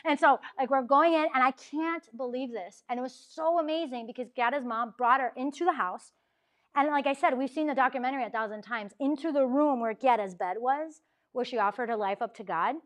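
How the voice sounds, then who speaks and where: A woman speaks to a university ministry gathering, her voice sitting a little high. She tells her story with energy, acting out each voice she quotes and scattering "like" through her sentences. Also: a little fast. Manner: animated, acts out quoted dialogue, frequent "like" fillers. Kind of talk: lively storytelling talk. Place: university talk room.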